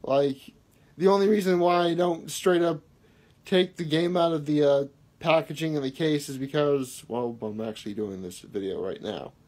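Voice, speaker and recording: A man's voice: on the high side, moderate pace, a little mellow. A man talking casually to camera in his daily vlog, rambling earnestly with lots of fillers and restarts. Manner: earnest, self-deprecating asides. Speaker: daily vlogger. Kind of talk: casual daily video talk.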